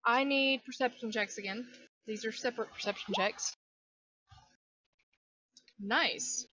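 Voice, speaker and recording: Relaxed woman running a tabletop game. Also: a little high, measured pace, no room sound, poor audio. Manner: relaxed, with many fillers and restarts. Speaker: game master.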